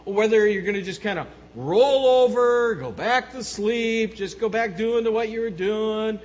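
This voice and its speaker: A pastor delivers a sermon in a church sanctuary at a moderate pace, his fairly high voice trailing into long reverb. He's emphatic, surging into loud bursts, then dropping into low, earnest stretches. The recording is dull and slightly muffled, with a faint hum underneath.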